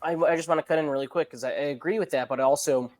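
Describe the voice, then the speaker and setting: A man's voice: a little high, racing. A man co-hosting a movie review podcast, talking in a casual, rambling way with lots of fillers. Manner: rambling, many fillers and restarts. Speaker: podcast co-host.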